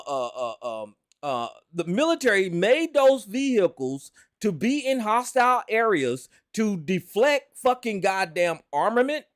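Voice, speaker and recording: A man's voice: high voice, dry recording, studio quality. A man hosting a heated call-in argument, profane and insistent, repeating himself again and again.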